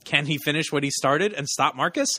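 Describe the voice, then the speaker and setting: A man's voice: a little high, fairly quick, pushed and bright, no room sound, studio quality. A man hosting a casual podcast, reading out descriptions and chatting with laughs. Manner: reads descriptions aloud with laughs. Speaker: podcast host.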